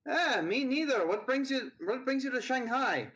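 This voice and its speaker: A man's voice: very high-pitched, expressive, moderate pace, sharp tone, pitched above the performer's own voice, heavily acted. A man voicing a friendly young woman, a former student, who drops Spanish words into her speech. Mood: friendly, curious.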